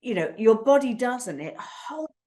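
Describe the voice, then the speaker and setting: A woman's voice: fairly high pitch, very animated, unhurried, dark tone. A woman hosting a podcast and interviewing her guest in an earnest, reflective conversational way. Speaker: podcast host and teacher.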